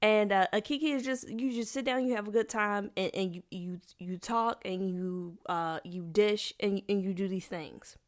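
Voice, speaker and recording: A young woman hosts her own podcast, talking loosely and playfully with plenty of slang. She rambles, restarts her sentences and wanders into asides, in a voice sitting in an ordinary middle pitch. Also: normal speed, hardly any pauses. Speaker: podcast host. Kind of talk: casual solo podcast chat.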